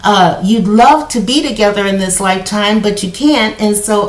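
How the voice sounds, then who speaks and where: A woman's voice: medium pitch, moderate pace, few pauses. A woman giving a casual spoken tarot reading to her viewers, talking in a chatty, conversational way and often checking in with "you know" and "okay?". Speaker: tarot card reader. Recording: roomy echo.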